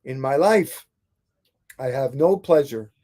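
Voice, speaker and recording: A man voicing a weary old drunkard father who speaks quietly and with resignation. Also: medium pitch, animated, slow pace. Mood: resigned.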